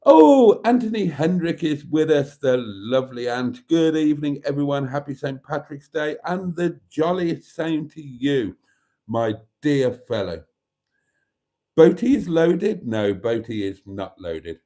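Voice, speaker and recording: A man's voice: medium pitch, lively intonation, unhurried, dark tone. A man hosting a casual livestream, reading viewer comments aloud in a chatty, playful way and repeating items back to callers. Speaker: livestream host.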